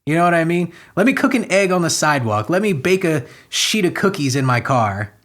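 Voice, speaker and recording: Crude, animated man riffing on the news. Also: fairly quick. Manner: crude and sarcastic, swearing, bursts into loud high outbursts. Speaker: comedy podcast host. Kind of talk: satirical news commentary, reading headlines aloud and riffing.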